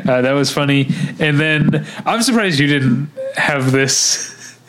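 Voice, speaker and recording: A man's voice: a little high, slow, fairly bright tone. A man co-hosting a casual chat podcast, who laughs often and quotes scenes in put-on voices. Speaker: podcast co-host.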